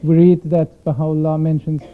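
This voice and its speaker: Male concert violinist, reflective spoken intro from the stage, slightly high voice, tinny lo-fi capture. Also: monotone, normal speed. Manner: reflective, explanatory, poses questions to the audience. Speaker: concert violinist addressing the audience. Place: concert stage before a live audience. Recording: thin phone-like sound.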